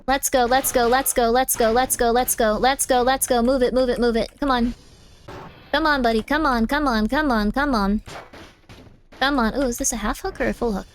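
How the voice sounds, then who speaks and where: A young woman streaming a game live, chatting fast and often repeating herself, with sudden exasperated outbursts. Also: a little high, fairly even intonation, slight background noise. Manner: chatty, repeats phrases, bursts of exasperated yelling.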